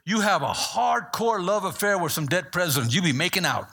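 A man preaching a sermon as pastor, animated and playful, joking with the congregation between points. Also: high-pitched, fairly quick, creaky, few pauses, a little hiss or hum.

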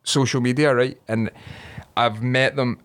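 A man's voice: medium pitch, fairly even intonation, measured pace. A Scottish man chatting casually, sweary and rambling, often laughing. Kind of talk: casual banter.

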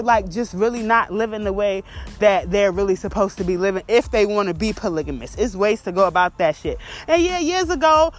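A woman hosting a gossip commentary, talking bluntly and animatedly and swearing freely. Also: fairly high pitch. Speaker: commentary host.

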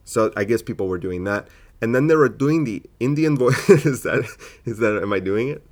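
A man's voice: mid-range voice, lively intonation, normal speed. A man hosting a casual solo comedy podcast, rambling and sidetracked, full of fillers and self-corrections.

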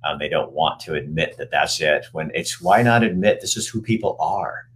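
A man hosting a casual online chat, telling stories in a chatty, animated way. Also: extremely low pitch, normal speed, husky. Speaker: host.

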